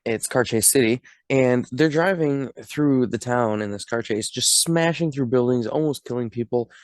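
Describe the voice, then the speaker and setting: A man's voice: medium pitch, normal speed, no echo, studio quality. A young man co-hosting a podcast, casually recapping a movie and reading critical remarks from his notes. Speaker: podcast co-host.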